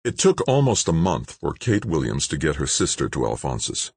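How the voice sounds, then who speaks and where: A man reads a novel in a deep, husky voice with steady, measured delivery. His pitch moves expressively, and the recording is close and dry. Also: no echo. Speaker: audiobook narrator. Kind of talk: scripted narration.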